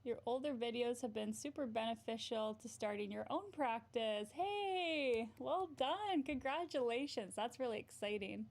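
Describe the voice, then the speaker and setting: A woman's voice: a little high, moderate pace, few pauses, a little mellow. A woman therapist hosting a casual livestream, chatting in a bubbly way, often giggling and answering her viewers' comments.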